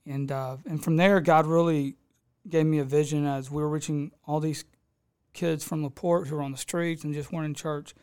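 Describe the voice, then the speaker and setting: A man's voice: fairly high pitch, level tone, moderate pace, darkish tone, clear, resonant tone. Pastor telling his story. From Texas. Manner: storytelling, acts out quoted people, laughs easily.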